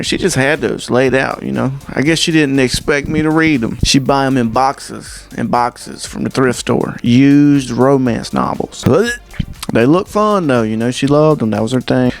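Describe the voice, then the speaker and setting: A man performing stand-up comedy, rambling through stories in an incredulous, animated way. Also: mid-range voice, gravelly.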